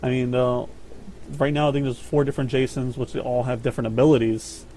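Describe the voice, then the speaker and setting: A man's voice: medium pitch, steady tone, fast talker, warm tone, a little hiss or hum. A man hosting a casual podcast chat about games, rambling and swearing, often repeating his words. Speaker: podcast host.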